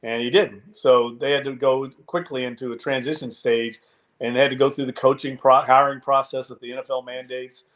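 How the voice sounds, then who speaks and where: Male podcast co-host, casual sports chat, analytical, measured delivery. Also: mid-range voice, level tone, fairly bright tone. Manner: measured, analytical, frequent restarts.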